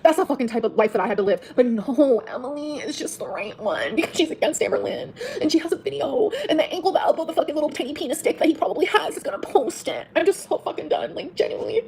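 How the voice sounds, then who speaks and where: Woman streamer venting fast and furious, a little high-pitched and sweary. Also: animated, a little mellow, rough recording. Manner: heated, profane, venting. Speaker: livestreamer. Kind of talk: angry livestream rant.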